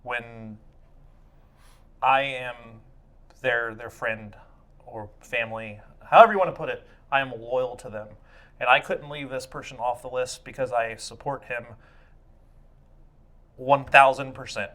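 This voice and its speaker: Male podcast host, mid pitch, blunt and crude, running the game and the list. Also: unhurried, long pauses, pushed and bright. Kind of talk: casual podcast banter.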